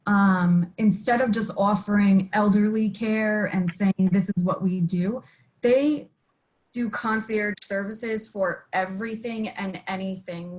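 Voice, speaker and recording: A woman's voice: mid-range voice, a little mellow, poor audio. A woman speaking as an employer on a webinar panel, enthusiastic and plain-spoken with fillers. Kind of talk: webinar discussion.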